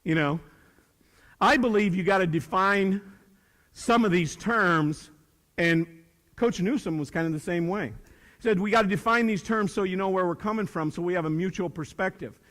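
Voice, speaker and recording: An older man, a motivational speaker, addresses a young audience about leadership in a large hall, his high voice a bit bright and his pace normal. He's emphatic and playful, repeating his key phrases the way a preacher would.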